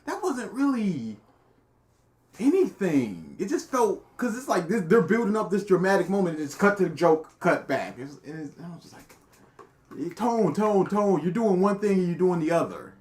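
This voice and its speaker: A man with a slightly raised pitch co-hosts a live reaction stream, chatting casually. He is animated, swinging widely in pitch. He teases his partner and breaks into loud, shouted complaints. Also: moderate pace. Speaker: co-host.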